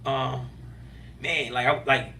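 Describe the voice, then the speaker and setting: A man talking as a podcast guest, telling stories in an animated, emphatic way with street slang. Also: medium pitch, slow, vocal fry, distant mic. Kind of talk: casual interview storytelling.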